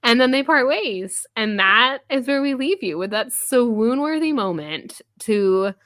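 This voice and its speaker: A woman's voice: on the high side, lively intonation, unhurried, a bit bright, no echo. A woman, co-hosting a podcast and retelling a novel's scenes in a chatty, filler-heavy way, laughing often. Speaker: podcast co-host. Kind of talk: casual book-review chat.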